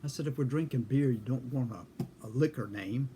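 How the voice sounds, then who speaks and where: A man with a brisk, mellow, mid-range voice tells a casual anecdote in a folksy, dry style, playing both sides of a conversation. A little hiss or hum is audible.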